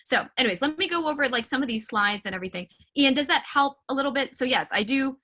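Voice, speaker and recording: A woman's voice: sits high, quick pace. A woman leading a casual sales training call over a video meeting, chatty and full of fillers. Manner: chatty, filler-heavy, animated.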